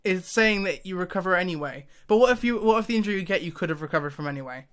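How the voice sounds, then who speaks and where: A man in casual to-camera commentary, thinking aloud and hesitating often, breaking into short laughs. His voice sits a little high for a man and sounds smooth and clear. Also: animated, rapid-fire, a bit bright. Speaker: YouTuber.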